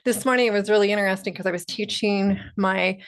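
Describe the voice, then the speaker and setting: Woman, motivational coach, earnest, encouraging, speaking straight to the viewer, medium pitch. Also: fairly even intonation, fast talker, smooth. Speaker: empowerment coach. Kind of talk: motivational video monologue.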